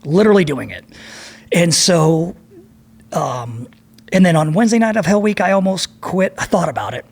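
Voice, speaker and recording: A man's voice: high voice, animated, normal speed. A man in his fifties, a podcast guest, telling rambling, profane war stories in a casual way. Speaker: podcast guest, former Navy SEAL. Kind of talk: casual storytelling.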